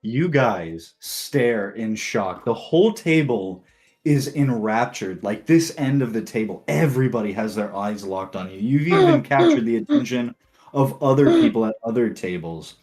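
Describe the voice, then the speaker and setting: A man narrating as game master of a tabletop role-playing game, lively and quick to laugh. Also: on the low side.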